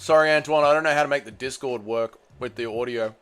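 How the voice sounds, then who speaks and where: A man's voice: medium pitch, quick pace, fairly bright tone, smooth. A young Australian man livestreaming, casually reading his chat and bantering back with swearing and mock-patriotic ribbing. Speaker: streamer.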